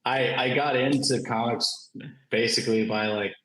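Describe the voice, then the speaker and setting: Animated, laughing man in an echoey room. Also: medium pitch, normal speed. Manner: animated storyteller, laughs often, many "like" fillers. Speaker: comic creator, panel guest. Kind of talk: casual anecdote on a virtual panel. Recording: roomy echo.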